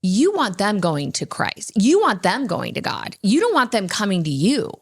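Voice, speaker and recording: A woman co-hosting a faith podcast speaks candidly, telling personal stories with earnest emphasis. Her slightly rough, medium-pitched voice swoops wildly in pitch at a normal speed.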